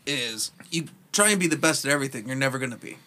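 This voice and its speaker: A man's voice: medium pitch, expressive, quick pace, bright, forceful tone. A man co-hosting a casual podcast chat, rambling, laughing often and swearing a lot. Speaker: podcast co-host.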